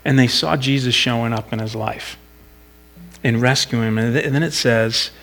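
A man's voice: medium pitch, normal speed, fairly bright tone. A middle-aged man giving an informal Bible devotional in a conversational, reflective way, thinking aloud as he talks.

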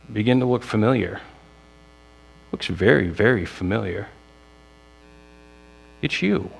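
Male pastor, fairly low voice, slow dramatic sermon delivery, speaks straight to the congregation. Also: creaky, slightly rough, rough recording. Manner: slow, dramatic delivery with pauses, directly addressing mothers.

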